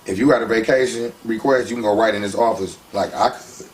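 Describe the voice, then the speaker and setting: A man in a casual interview telling his story in an animated, slangy way. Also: on the low side, fairly quick, distant mic, a little hiss or hum. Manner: animated, slangy, heats up when retelling conflicts.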